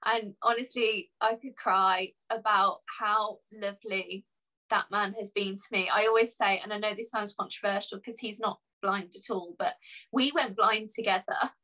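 A young woman with a bright, sharp-edged voice speaks openly and from the heart. She rambles a little with fillers as she shares personal memories, her feeling close to the surface. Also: medium pitch, fairly even intonation, normal speed, poor audio. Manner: candid, tearful at times, many fillers. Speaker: guest. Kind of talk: emotional personal conversation.

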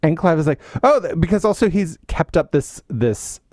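Expressive man recapping a film, lively pitch. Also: moderate pace, dry recording, clean studio sound. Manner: expressive storyteller, mimics characters, laughs often. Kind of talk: casual chat retelling a film plot.

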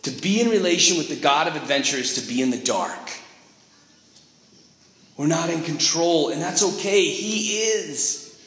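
Man, priest, sermon, animated storytelling, bright voice, echoey church hall. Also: fairly high pitch. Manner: animated storyteller with quick asides and acted quotes. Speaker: Catholic priest. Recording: echoey church with long reverb.

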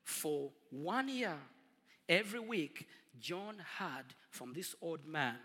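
A man preaching a storytelling sermon, dramatic and husky, swinging from booming to hushed. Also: expressive, takes it slowly. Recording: long reverb of a large hall.

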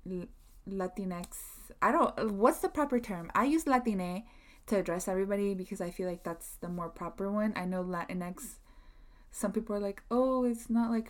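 Chatty young woman podcasting solo. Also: mid-range voice. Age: young adult. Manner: chatty, rambling, lots of "like" fillers. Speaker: podcast host. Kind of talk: casual solo podcast chat.

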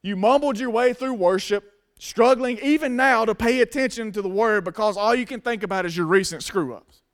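High-voiced preaching man. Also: a little fast. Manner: preaching with a casual, emphatic delivery. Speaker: pastor. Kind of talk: sermon.

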